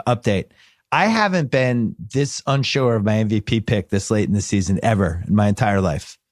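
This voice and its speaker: A man's voice: on the low side, a little mellow, no echo, clean studio sound. A man hosting a casual podcast, running through the show lineup in an upbeat, rambling way with frequent restarts. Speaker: podcast host.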